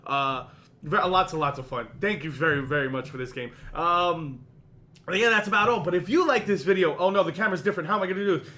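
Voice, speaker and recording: A man's voice: on the high side, fast, sharp tone. A man hosting a let's play, reading the game's text aloud with playful, hammy drama and joking between passages. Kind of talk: gameplay commentary, reading game text aloud.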